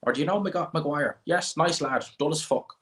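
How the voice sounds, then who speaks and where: A man voicing a nosy old Midlands Irish farmer, set in his ways, in a high, sing-song put-on brogue with blunt pub-talk gossip. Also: normal speed, a bit bright, close to an everyday voice. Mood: gossipy. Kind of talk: comic impression on a livestream.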